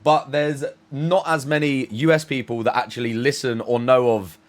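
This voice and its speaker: A man's voice: medium pitch, steady tone, normal speed. A man from the UK hosting a reaction video, chatting casually and hesitantly with many restarts. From United Kingdom. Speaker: reaction channel host.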